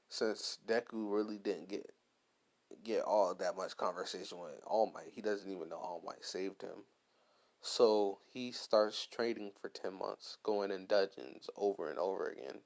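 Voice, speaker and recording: A man's voice: fairly low pitch, steady tone, unhurried, creaky, darkish tone. A man casually telling an improvised fan story, rambling and slangy, full of fillers.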